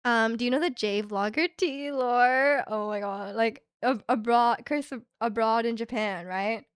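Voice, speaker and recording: Reading her stream chat, a young woman from Canada rambles through her thoughts, saying "like" constantly and laughing easily. Her voice is smooth, measured and a little higher than average. The recording is close and dry, without any room sound.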